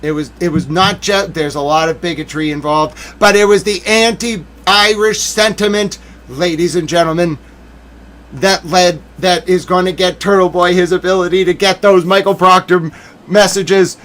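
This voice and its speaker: A man ranting on a livestream in mock outrage, theatrical and swinging between loud declarations and low mutters. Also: fairly even intonation, normal speed. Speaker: livestream commentator.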